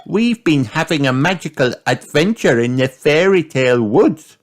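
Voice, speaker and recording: A man doing the voice of a cheerful, excitable little girl piglet in a storybook reading. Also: fairly high pitch, normal speed, voice pushed up, natural voice. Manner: bright, bouncy, eager.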